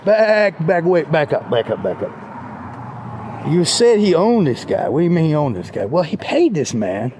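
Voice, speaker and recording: A man with a somewhat high voice spins a long, rambling comic yarn. He keeps restarting and repeating words as he tells it. A faint hum sits behind him. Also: lively intonation, moderate pace, hardly any pauses, darkish tone. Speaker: storyteller. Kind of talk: rambling spoken story.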